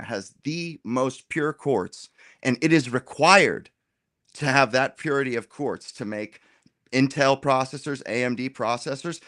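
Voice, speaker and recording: A man in a casual political roundtable debate, talking in an animated, argumentative way and dropping slang as he makes his point. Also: mid-range voice, no echo, clean studio sound. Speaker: roundtable guest.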